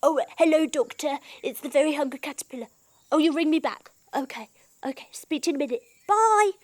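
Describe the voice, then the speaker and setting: A woman voicing a hungry male caterpillar with a tummy ache, chatting quickly and politely on the phone in a kids' story. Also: high voice, dry recording, voice pushed up, natural voice.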